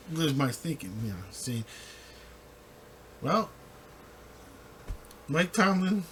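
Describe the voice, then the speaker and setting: A man's voice: fairly high pitch, a bit bright, a little hiss or hum. A man giving casual postgame football commentary, rambling with many restarts and laughing often.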